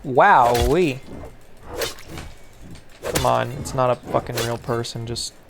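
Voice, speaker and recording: A man's voice: mid-range voice, takes it slowly, gravelly, noisy background. A man giving casual gameplay commentary, rambling and sarcastic, swearing often. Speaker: gaming video creator.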